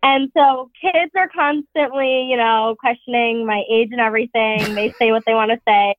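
A twenty-year-old woman from Massachusetts, calling in to a podcast, talking softly with frequent giggles. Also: fairly high pitch, steady tone, normal speed. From Massachusetts, USA. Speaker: caller. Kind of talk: casual chat. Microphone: phone call. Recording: tinny phone line.

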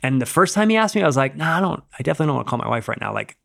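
Middle-aged man, podcast guest, gravelly creaky voice, casual rambling storytelling, acts out quotes. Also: fairly high pitch, big pitch swings, racing, fairly bright tone. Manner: rambling retelling, acting out quotes, many "like"s.

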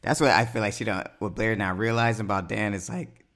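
A man's voice: lowish voice, a little fast, fairly bright tone. A man co-hosting a casual TV recap chat, laid-back and laughing often as he reacts. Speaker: podcast co-host.

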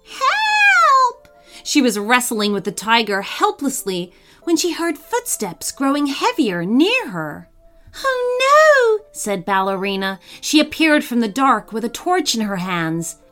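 A woman reading a children's story aloud with an expressive, animated delivery. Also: on the high side.

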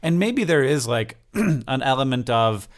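A man co-hosting a podcast, his pitch swinging up and down as he talks. He explains things with eager enthusiasm, threading in plenty of fillers. It is casual, playful conversation between hosts. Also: unhurried. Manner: animated, explaining with many fillers. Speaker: podcast co-host. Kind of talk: casual comedic chat.

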